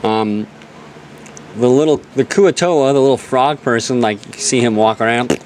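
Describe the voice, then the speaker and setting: A man's voice: medium pitch, normal speed, a little hiss or hum. A man narrating a tabletop game as game master, joking and often restarting his sentences. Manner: animated, joking, self-interrupting.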